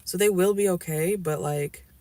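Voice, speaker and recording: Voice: mid-range voice, normal speed, warm tone. A tarot reader in a car giving a casual, rambling and blunt reading to viewers, swearing freely. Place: inside a car.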